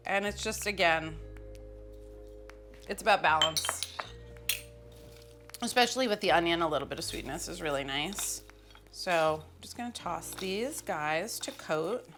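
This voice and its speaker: A woman's voice: mid-range voice, expressive, normal speed, fairly bright tone, faint music behind. A woman hosting a cooking show, talking casually and poking fun at herself while she cooks in a kitchen. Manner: chatty and self-mocking, with frequent laughs.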